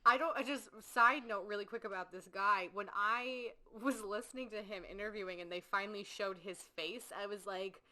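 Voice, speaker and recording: Bright-voiced chatty woman podcaster. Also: mid-range voice, normal speed, few pauses. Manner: chatty, swears freely, acts out quotes. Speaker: podcast co-host. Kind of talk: casual true-crime chat.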